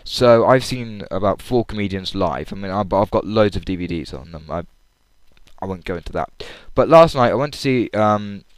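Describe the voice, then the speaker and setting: A man's voice: on the low side, animated, normal speed, no echo. A young man from England, rambling casually in an audio log about a comedy show, full of fillers and restarts. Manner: chatty, lots of fillers and restarts. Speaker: vlogger.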